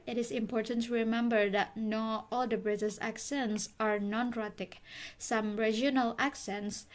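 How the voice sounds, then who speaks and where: A young woman student reads her part of a class presentation, slow and deliberate. Her voice is a bit high and stays flat, with very little rise and fall. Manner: slow, careful reading with a flat delivery.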